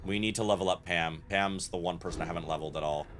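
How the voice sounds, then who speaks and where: A man's voice: deep voice, steady tone, fast talker, a bit bright, slight background noise. A man streaming a game, chatting playfully with viewers and reading the game's text aloud. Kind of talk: casual gameplay commentary. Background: faint game music.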